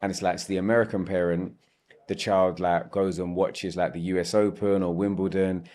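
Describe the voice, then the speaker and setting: A man's voice: low-pitched, flat delivery, normal speed, darkish tone. A man hosting a podcast interview, asking long, winding conversational questions. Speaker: podcast host.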